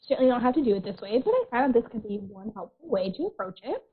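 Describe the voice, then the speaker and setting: A woman counselor giving an online workshop in a gentle, reassuring way, often clearing a tickle from her throat. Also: a little high, big pitch swings, quick pace. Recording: tinny phone-like audio.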